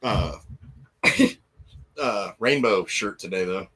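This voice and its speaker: A man's voice: low-pitched, slow pace, sharp tone, slight background noise. A middle-aged man co-hosting a casual live chat, joking, swearing and laughing often. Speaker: co-host.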